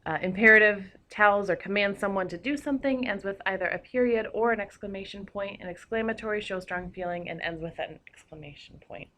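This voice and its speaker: A woman's voice: mid-range voice, fairly quick, hardly any pauses, pushed and bright, slight background noise. A woman teacher giving a recorded grammar lesson, explaining patiently with a few fillers.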